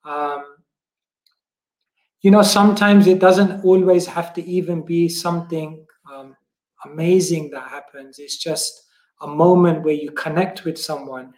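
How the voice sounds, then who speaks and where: A man's voice: fairly high pitch, measured pace. A man with a British accent, a monk telling stories as a guest in a casual interview, with many fillers. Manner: animated storyteller with many fillers and laughs. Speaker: guest, monk and book distributor. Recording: echoey room.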